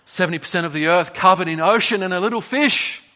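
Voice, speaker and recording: High, bright-voiced male preacher. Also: fast talker. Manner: dramatic swings between soft and emphatic delivery. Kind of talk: sermon.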